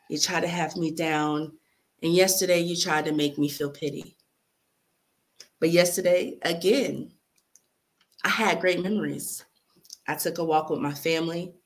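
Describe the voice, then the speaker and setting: In a lowish voice at a measured pace, a young woman reads aloud a letter she wrote. She speaks earnestly and with feeling, occasionally close to crying, as an emotional spoken-word reading.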